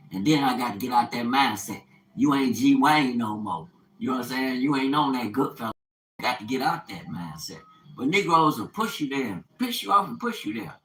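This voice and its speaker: A man's voice: mid-range voice, bright, forceful tone, echoey room, low-quality recording. An older man in an unscripted monologue, ranting in a profane, preachy way and quoting scripture with fire. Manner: quotes scripture, fiery preaching tone. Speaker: vlogger.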